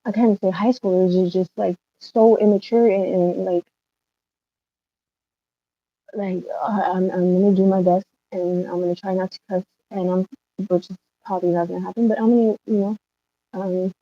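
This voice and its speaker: A woman's voice: mid-range voice, no room sound. A woman livestreaming an emotional rant, upset and rambling, swearing often. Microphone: phone livestream. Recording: slightly dull lo-fi stream audio.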